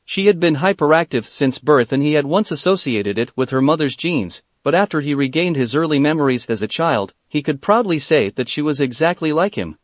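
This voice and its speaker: Expressive man reading a story aloud. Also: fairly high pitch, brisk, few pauses, dry recording. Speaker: narrator. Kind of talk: reading fan fiction aloud.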